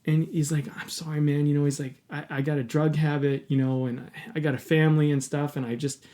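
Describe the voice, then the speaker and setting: An earnest man with a slightly higher voice tells a personal story on a podcast. He talks openly and casually, with the odd swear word. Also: level tone, brisk, dark tone. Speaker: podcast host.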